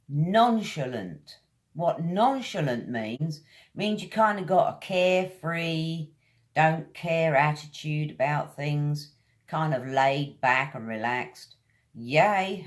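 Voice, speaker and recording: Slow-paced British woman teaching pronunciation. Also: extremely low pitch. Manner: slow, drawn-out drills of each word. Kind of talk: vocabulary lesson.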